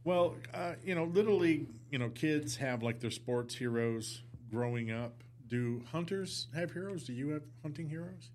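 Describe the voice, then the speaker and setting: A man's voice: a little high, animated, darkish tone, a little hiss or hum. A man hosting a podcast, asking questions in a casual, jokey way. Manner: jokey, quick with puns. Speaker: podcast host. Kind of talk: casual interview chat.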